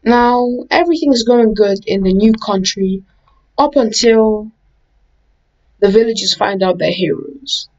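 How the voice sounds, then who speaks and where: A woman's voice: medium pitch, unhurried, darkish tone, muffled recording. Casual woman rambling through a fan story. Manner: rambling, loose retelling with "and" chains and self-corrections. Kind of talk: casual fan-fiction narration.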